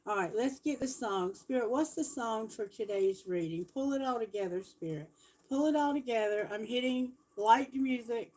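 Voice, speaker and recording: A woman's voice: on the high side, normal speed, a little mellow, poor audio. A woman giving a live tarot reading, chatting casually and correcting herself as she goes. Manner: chatty, self-correcting, reads lyrics and prayers aloud. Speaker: tarot reader. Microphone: phone.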